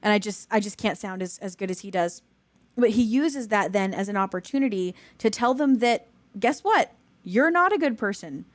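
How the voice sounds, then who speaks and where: A young adult woman co-hosting a podcast, talking in an earnest, animated way in casual faith discussion. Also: medium pitch, moderate pace, dry recording. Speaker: podcast co-host.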